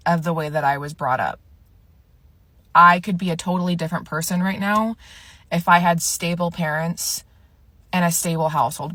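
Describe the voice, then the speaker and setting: A woman speaking haltingly with many fillers in a personal social media video. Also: sits low, fairly bright tone, no echo.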